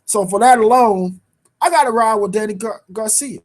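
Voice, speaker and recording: A man's voice: high voice, normal speed. A man hosting a sports talk show, bantering in casual street slang and repeating his points for emphasis. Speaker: sports radio host.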